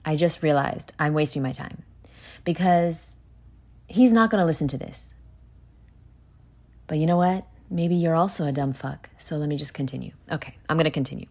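A young woman hosting a solo podcast, ranting with heavy profanity and swinging between hushed asides and loud outbursts. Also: low-pitched, moderate pace, long pauses. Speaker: podcast host.

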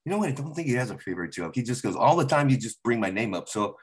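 A middle-aged comedian guest tells family stories in casual chat, speaking very fast in a mid-range voice. He acts out his dad's lines and much other dialogue, his voice jumping up and down as he takes on other people's parts.

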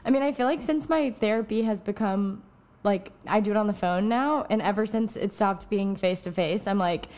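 A woman's voice: medium pitch, a little fast, darkish tone. A woman co-hosting a podcast, chatting in a playful, joking way. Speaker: podcast co-host. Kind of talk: casual podcast chat.

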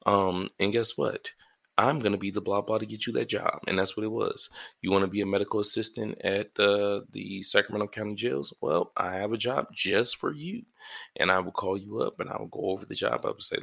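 A man's voice: fairly low pitch, fairly even intonation, fairly quick, creaky, a bit bright. A man hosting his own podcast alone in his apartment, rambling, swearing freely and running himself down, sleepy and yawning early in the morning. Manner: rambling, profane and self-deprecating. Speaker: podcast host and stand-up comedian. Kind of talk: casual solo podcast monologue.

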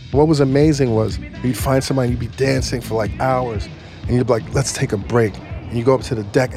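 A man from the United States tells an animated personal story, peppering it with "like". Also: medium pitch. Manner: animated, heavy use of 'like'. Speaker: storyteller guest. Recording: music playing underneath.

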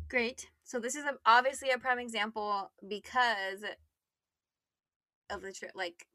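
A woman's voice: on the high side, unhurried, bright, forceful tone, no echo, studio quality. A young woman and mother co-hosting a podcast in casual chat, who also reads a book blurb aloud. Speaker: podcast co-host.

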